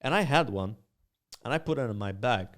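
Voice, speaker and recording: A young man with a Maltese accent, a streamer who tells animated stories with lots of "uh" and "like" as a podcast guest. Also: medium pitch, brisk. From Malta. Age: young adult. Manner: animated storyteller, many fillers. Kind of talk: casual storytelling chat.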